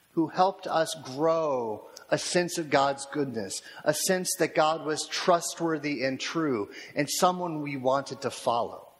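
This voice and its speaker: A male pastor gives a sermon in a rather high voice. He speaks very slowly and with care, pausing over repeated questions. A long reverb from a large hall follows each phrase. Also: a bit bright. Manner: slow, measured, reflective, repeated rhetorical questions.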